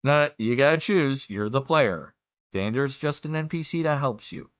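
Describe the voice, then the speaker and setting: A man's voice: medium pitch, animated, moderate pace, fairly bright tone, dry recording. Man game master, casual, muttering, dry close sound. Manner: casual, muttering, cursing at his files. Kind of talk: narrating a tabletop game.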